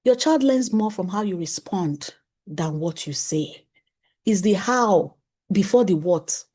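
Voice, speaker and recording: A woman gives a conference talk to parents as a parenting coach. She speaks in an animated way, chuckles often, and acts out exchanges with her family. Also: mid-range voice, slow.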